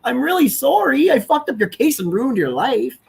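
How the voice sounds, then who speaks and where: A man mimicking a whiny male official who simpers apologies, in a husky voice pushed high. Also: sing-song, moderate pace, darkish tone, heavily acted. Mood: mocking.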